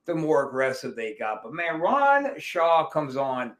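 A man hosting a podcast, telling stories in a profane, animated, casual way. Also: fairly high pitch, a little slow, echoey room. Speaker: podcast host.

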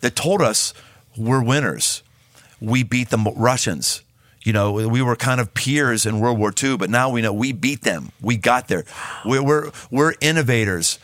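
A man's voice: mid-range voice, measured pace, a bit bright, no room sound, clean studio sound. A man in his fifties, a podcast host talking as the guest, speaking emphatically and often repeating and restarting his words. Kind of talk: casual podcast conversation.

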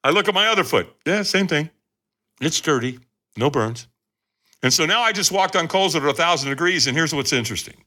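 A man who is a podcast guest, telling a story in an animated, emphatic way and often addressing his listeners directly. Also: on the high side, brisk.

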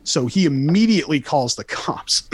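A man's voice: fairly high pitch, animated, moderate pace, no room sound. A young man telling a story casually, rambling and swearing with many fillers and restarts.

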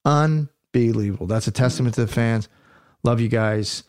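A man's voice: medium pitch, normal speed, noisy background. A man hosting a podcast in casual, laughing chat with his co-hosts. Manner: laughing, loose, chatty. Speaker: podcast host.

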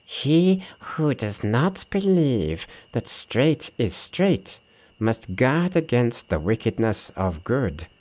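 A man reading an audiobook who voices a solemn male monk disciple, speaking slowly in a moralizing way. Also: medium pitch, sing-song, darkish tone, pitched below the performer's own voice. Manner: slow and moralizing.

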